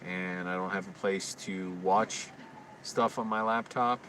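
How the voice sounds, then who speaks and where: A man's voice: low-pitched, steady tone, unhurried, a bit bright, recorded from a distance, a little hiss or hum, rough recording. A man live-streaming from his car at night, rambling casually with lots of fillers and swearing. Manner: rambling, swears freely, many fillers and restarts. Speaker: vlogger livestreaming. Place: in or near a parked car by a park at night.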